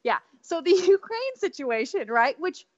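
A woman co-hosting a podcast, telling a gossipy story in animated casual chat and laughing often. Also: very high-pitched, unhurried, dry recording, highs cut off. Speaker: podcast co-host.

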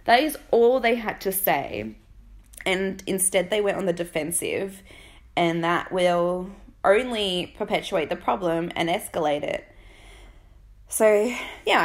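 A woman's voice: mid-range voice, a little slow. A woman, casually recapping a reality show, blunt and indignant, with many fillers and restarts. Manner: chatty, blunt and indignant, with fillers and mocking quoted voices.

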